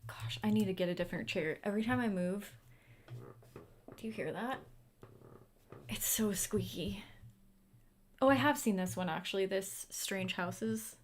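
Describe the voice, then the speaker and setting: A woman's voice: mid-range voice, measured pace, pauses often, slight background noise. A young woman hosting a livestream in a casual, chatty way, answering viewer comments as she goes. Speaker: livestream host. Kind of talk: casual chat.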